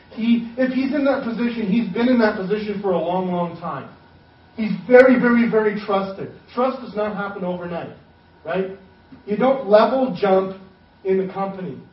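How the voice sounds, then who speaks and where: A man with a high voice preaches a sermon, casual and joking as he retells scripture in plain, everyday words. He sounds set back from the microphone in a roomy, echoing hall, and the sound is a little dull. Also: distant mic. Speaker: pastor.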